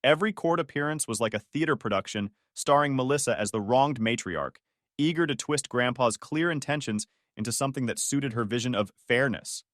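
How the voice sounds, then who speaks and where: A man narrating a first-person family drama story in an expressive, storytelling manner. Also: medium pitch, fairly quick, no room sound, clean studio sound.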